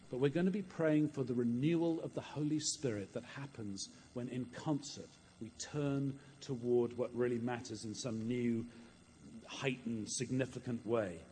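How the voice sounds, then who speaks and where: A man's voice: medium pitch, a little slow, a little mellow, in a large hall, slight background noise. A man preaching a sermon in a church, earnest and storytelling, often repeating words as he goes.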